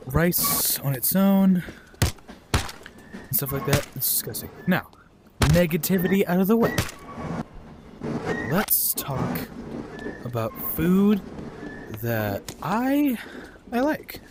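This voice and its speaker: A man ranting casually and bluntly about food while playing a game, with quick asides and apologies. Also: sits high, very animated. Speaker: gameplay streamer. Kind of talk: casual rambling rant while gaming. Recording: noisy home recording.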